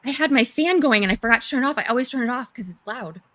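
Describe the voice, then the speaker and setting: A woman with a somewhat high voice chats casually over a remote call. She explains legal points in plain, conversational terms. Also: lively intonation, racing, fairly bright tone. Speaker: co-host discussing a court case.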